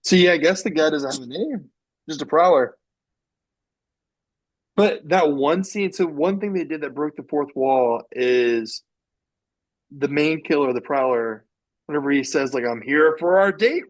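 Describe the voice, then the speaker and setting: This podcast co-host's voice is on the high side and animated, at a moderate pace, and the recording is rough. Chatting casually and enthusiastically, he frequently checks in with his partner by asking "you know what I'm talking about?"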